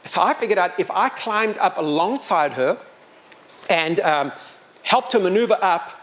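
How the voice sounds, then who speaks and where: A middle-aged man telling a story to a live audience, animated and self-mocking, with big swings in loudness. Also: high voice, a little slow. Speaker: storyteller and motivational speaker.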